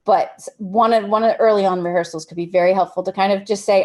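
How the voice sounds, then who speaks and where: A woman's voice: medium pitch, steady tone, fast, few pauses, mellow. A woman giving a casual workshop talk on directing actors, explaining with everyday examples and often restarting her sentences. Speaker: film directing instructor.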